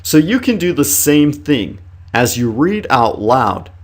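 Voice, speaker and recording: A male English teacher speaks at a notably slow, unhurried pace, setting out each study step for learners. His voice sits at an ordinary middle pitch, and his manner is deliberate and encouraging. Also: very animated. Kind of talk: instructional video lesson.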